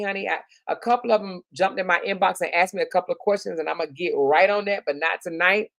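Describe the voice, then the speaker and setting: A woman hosting a live stream with a gravelly edge to her voice, reading out viewers' comments. She talks in a chatty, affectionate way, calling people honey and girl. The recording is dry and close, with no room sound. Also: on the low side, no room sound. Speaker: YouTube live stream host.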